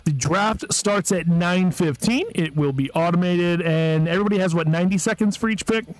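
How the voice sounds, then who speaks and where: A man hosting a podcast, excitable and rambling, often repeating his words. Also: high voice, moderate pace, no echo, rough recording. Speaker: podcast host. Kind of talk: casual chat.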